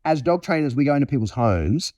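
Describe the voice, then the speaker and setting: Brief: animated, foul-mouthed male dog trainer, mellow voice, dry close sound. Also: medium pitch, quick pace, no room sound. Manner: animated, profane, acts out scenes. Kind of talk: casual conversational explanation.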